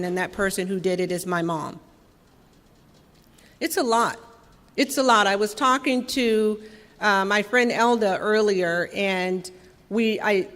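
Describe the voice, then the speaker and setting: A woman in her thirties from Los Angeles, sharing her recovery story with wry candor, swelling loud and dropping soft. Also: mid-range voice. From Los Angeles, California. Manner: candid, wry, raw, with emphatic swells and soft drops. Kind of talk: personal recovery talk. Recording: long reverb from a hall.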